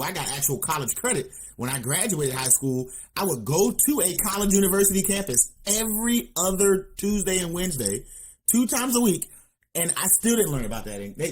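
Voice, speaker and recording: A man co-hosting a podcast, telling stories in casual chat with quick interjections. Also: a little high, slight background noise. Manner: expressive, quick agreeing interjections, storytelling. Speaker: podcast co-host.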